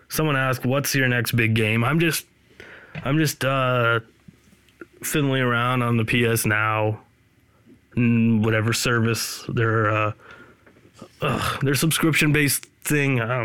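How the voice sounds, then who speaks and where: A man from Canada, hosting a podcast in a rambling, deadpan, self-deprecating way. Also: mid-range voice, measured pace, clear, resonant tone, no room sound. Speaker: podcast host. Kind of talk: casual solo podcast monologue.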